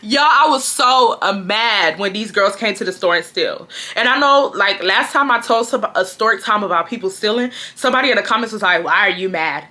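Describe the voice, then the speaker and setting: A woman in her twenties from Texas, telling a casual storytime in an animated, slangy way. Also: brisk, few pauses. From Houston, Texas. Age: 20s. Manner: animated, slangy, swings into high shouted quotes. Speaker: storytime vlogger.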